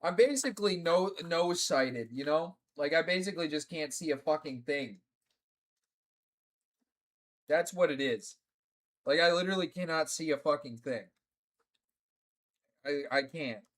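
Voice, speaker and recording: A man's voice: on the high side, lively intonation, unhurried, pauses often. A young man livestreaming, teary and in pain, groaning and swearing as he talks casually to his chat. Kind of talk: casual live-stream chat.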